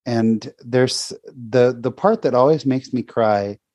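Near tears, a male podcast host speaks slowly about his faith in a relaxed conversation, rambling and frequently starting over with heartfelt sincerity. He has a mid-range, slightly mellow voice, recorded without echo but with the highs cut off.

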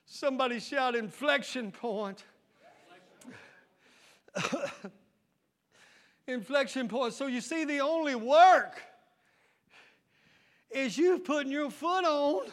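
Fervent pastor, male, bright piercing voice, preaching style. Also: extremely high pitch, slow pace, long pauses. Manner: shouting, fervent preaching with call-and-response. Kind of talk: sermon.

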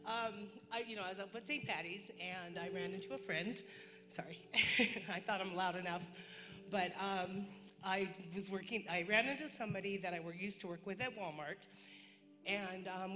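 A woman's voice: medium pitch, fairly bright tone. Woman giving a church testimony, conversational storyteller, hall echo with music bed. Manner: chatty storytelling, quoting herself and others. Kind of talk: personal testimony.

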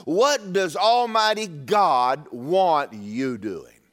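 A man's voice: expressive, drawn-out words, soft background music. A man preaching a sermon and telling a personal story, stumbling over and repeating words as he talks. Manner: drops low and quiet for quoted speech.

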